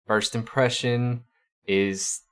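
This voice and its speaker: A man's voice: mid-range voice, fairly even intonation, takes it slowly, fairly bright tone. A man hosting a livestream, chatting casually with viewers and often stumbling over and repeating his words. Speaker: livestream host.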